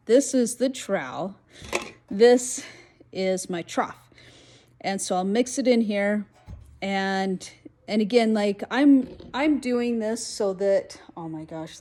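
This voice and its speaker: In a room being renovated at home, a middle-aged DIY vlogger chats her way through fixing her walls, rambling and poking fun at herself as she explains. Her voice is medium-pitched and warm, picked up by a handheld phone or tripod-mounted camera.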